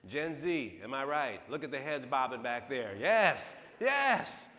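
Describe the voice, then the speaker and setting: A man's voice: mid-range voice, measured pace, hardly any pauses. A middle-aged man giving a conference keynote to an audience in a large hall, telling stories with humor. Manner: animated, humorous storyteller. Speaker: keynote speaker. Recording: long reverb of a large hall.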